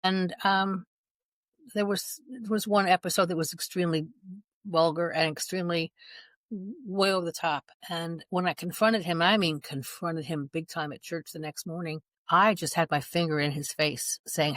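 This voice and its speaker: A woman's voice: lowish voice, steady tone, moderate pace, a bit bright, no room sound. Earnest middle-aged mother recounting events. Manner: earnest, reenacts dialogue in her retelling. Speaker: guest, mother. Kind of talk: personal account in conversation.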